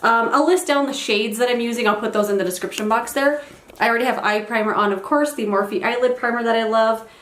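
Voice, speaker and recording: A young woman vlogs from her bedroom in a slightly high voice, rambling happily and tossing out self-deprecating asides. The camera mic picks up a lot of room echo. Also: steady tone, fast, fairly bright tone, a little hiss or hum. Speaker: beauty vlogger. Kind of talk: casual get-ready-with-me chat. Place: bedroom at home.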